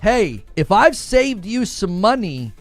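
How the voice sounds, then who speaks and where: Animated snarky male streamer, gravelly. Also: high-pitched, takes it slowly, soft background music. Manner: animated, snarky, laughs often. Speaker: gaming livestream host. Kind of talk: casual livestream chat.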